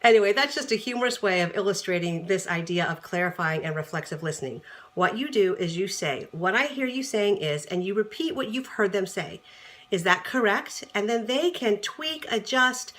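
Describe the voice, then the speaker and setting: A woman's voice: mid-range voice, normal speed. Chatty woman relationship coach. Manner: chatty and animated, acts out quoted dialogue. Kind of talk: casual advice talk to camera.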